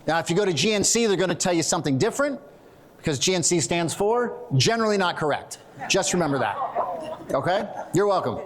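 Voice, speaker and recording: Man, middle-aged, slightly high voice, blunt and joking, conference talk. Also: animated, quick pace, a little hiss or hum. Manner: blunt, joking, self-deprecating. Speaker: strength and conditioning coach. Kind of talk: conference lecture. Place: conference hall stage.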